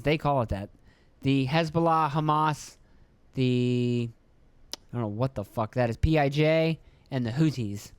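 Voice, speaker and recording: A man's voice: medium pitch, clear, resonant tone, no echo. A man hosting a solo podcast, reading news notes and breaking off into offhand, profane asides. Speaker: podcast host.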